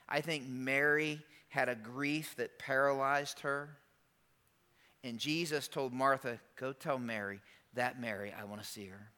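Bright-voiced man preaching with swings. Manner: dynamic preaching, drops soft then builds loud and high. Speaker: pastor. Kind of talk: Easter sermon.

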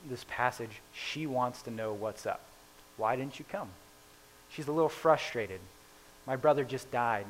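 A man preaching a conversational sermon, retelling a scripture story in casual, animated paraphrase. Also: medium pitch, slight background noise, rough recording.

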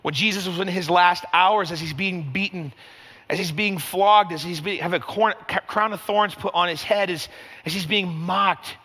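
Male pastor, sermon, casual animated delivery, bright tone, long hall reverb. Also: sits high, moderate pace, slightly rough. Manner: conversational, animated preaching with lots of fillers.

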